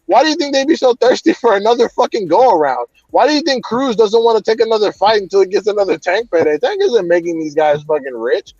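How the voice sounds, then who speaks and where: Guy with a really high voice ranting hard, lots of swearing, dry dull lo-fi sound. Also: expressive, fast talker, hardly any pauses, a little mellow, husky, dry recording. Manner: heated, profane ranting. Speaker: boxing commentator. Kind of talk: casual chat.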